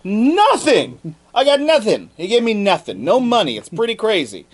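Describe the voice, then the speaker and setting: A man's voice: wildly swooping pitch, moderate pace, full character voice. A man voicing a young boy who whines, complaining that a king gave him almost nothing. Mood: whiny. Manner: high, exaggerated whining.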